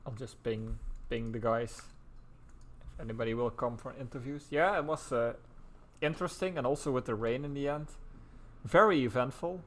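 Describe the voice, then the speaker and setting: A man's voice: medium pitch, normal speed. Casual male race commentator. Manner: casual, chatty, breaks into laughs. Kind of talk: live sim-racing commentary.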